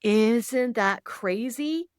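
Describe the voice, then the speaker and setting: Woman podcast guest, lively storyteller, higher voice, dry close mic. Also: very slow, clean tone, no room sound. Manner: animated storyteller, slips into quoted voices. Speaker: podcast guest, intuitive and author. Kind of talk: conversational storytelling.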